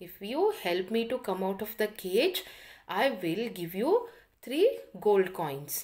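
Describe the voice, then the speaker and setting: Voicing a storybook lion, a woman reads in a gloating, mocking tone. The pitch moves up and down with plenty of life. This is a simple classroom read-aloud. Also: very animated, measured pace, a little mellow. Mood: pleading. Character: greedy, boastful hungry lion.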